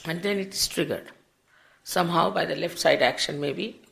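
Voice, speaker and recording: An older woman, a spiritual teacher, gives an unhurried, explanatory lecture at a public program before an audience. Her voice has vocal fry and swings widely in pitch and loudness.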